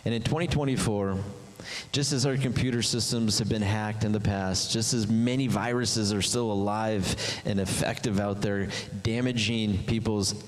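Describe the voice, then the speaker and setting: A man preaching a sermon as pastor, animated, jumping his pitch up high to act out voices. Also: normal speed. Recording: long hall reverb.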